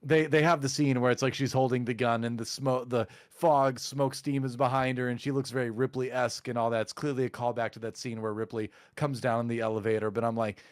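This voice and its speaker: A man co-hosting a podcast, chatting casually about a movie with sarcasm and animated delivery. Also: medium pitch, brisk, few pauses, dry recording, clean studio sound. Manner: animated, sarcastic, acts out quotes in mocking voices. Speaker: podcast co-host. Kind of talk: casual movie review chat.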